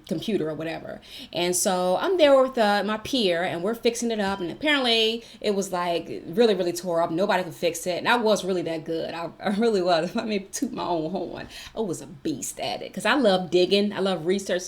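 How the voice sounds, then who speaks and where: A woman talking straight to camera with workplace advice. She is chatty and emphatic, repeats herself for stress, and keeps checking in with the listener. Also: lowish voice. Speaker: vlogger giving workplace advice. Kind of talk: casual talk-to-camera advice.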